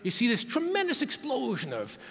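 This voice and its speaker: Guy on stage hyping a crowd, high voice bouncing all over, big echoey hall. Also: wildly swooping pitch, fairly quick, fairly bright tone, breathy edge. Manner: playful, leads the crowd in call-and-response counts. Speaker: keynote speaker. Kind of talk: interactive plenary talk. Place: large conference hall. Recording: hall reverb from a large conference room.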